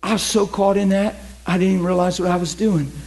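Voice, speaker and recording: High-voiced man preaching, animated. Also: brisk. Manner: animated storytelling, laughs often; emphatic, asks listeners questions. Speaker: preacher teaching a class. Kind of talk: sermon-style teaching.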